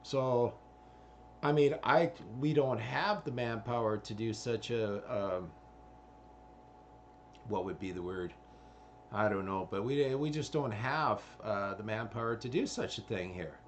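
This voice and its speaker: A man's voice: fairly low pitch, measured pace, a little hiss or hum. A man, ranting in a rambling commentary full of swearing and fillers. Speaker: vlogger.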